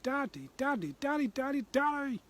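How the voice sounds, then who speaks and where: A man voicing a small excitable boy who insists and repeats himself. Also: sits high, moderate pace, breathy edge, pitched above the performer's own voice. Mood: pestering.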